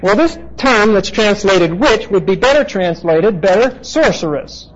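A man with a high voice gives a Bible lecture, working through terms at the board. He explains patiently and stops often on "uh" fillers. The recording is dull and lo-fi. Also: animated, slight background noise. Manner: explanatory, halting with frequent "uh" fillers. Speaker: Bible teacher.

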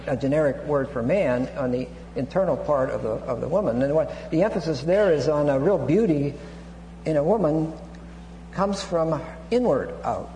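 A man's voice: on the high side, warm tone. A man preaching an expository Bible sermon, teaching with frequent restarts and asides. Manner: teaching, digresses with repeated restarts and Greek terms. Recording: echoey hall with hum.

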